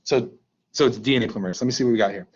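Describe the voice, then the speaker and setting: A male teacher with a mid-range voice talks rapid-fire as he leads a live online class, joking playfully and coaxing students to answer. He is heard through a computer mic on a video call, and the audio is dull.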